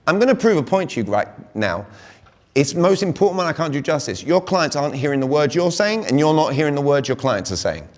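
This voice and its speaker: A man's voice: on the high side, quick pace. A man with a British accent coaching a live audience on sales communication and firing rhetorical questions at the room. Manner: energetic, fires rhetorical questions at the crowd. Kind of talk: live seminar talk. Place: large hall with an audience. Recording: long hall reverb.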